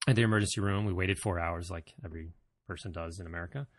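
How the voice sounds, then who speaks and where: Low-voiced man telling a rambling story. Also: steady tone, fast talker, a little hiss or hum. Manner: rambling and conversational, with frequent fillers and self-corrections; self-deprecating humor. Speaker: vlogger. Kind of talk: casual personal storytelling.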